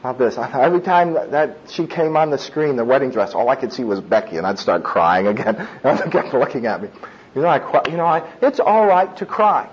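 A man's voice: medium pitch, lively intonation, a little fast, muffled recording, slight background noise. A middle-aged man giving a conversational sermon, with frequent asides and chuckles. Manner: conversational preaching with asides and laughs. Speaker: preacher. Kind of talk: sermon on child discipline.

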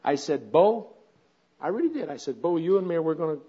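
A man with a slightly higher voice than most tells a folksy sermon story in a plain, chatty way. Now and then he bursts into loud, animated exclamations. The recording sounds dull and lo-fi. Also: brisk, slightly rough. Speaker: speaker at a women's gathering.

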